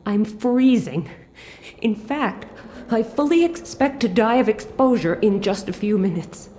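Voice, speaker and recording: An actress voicing a sharp-tongued young woman held captive in a video game, speaking in a sarcastic, teasing way. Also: a little high, animated, unhurried, slight background noise.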